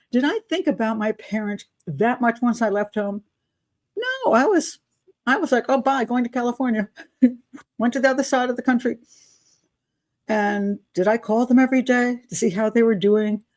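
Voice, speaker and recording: A woman's voice: on the high side, darkish tone. An older woman from the United States hosting an advice show, talking in a chatty, unscripted way with asides. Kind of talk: casual advice monologue.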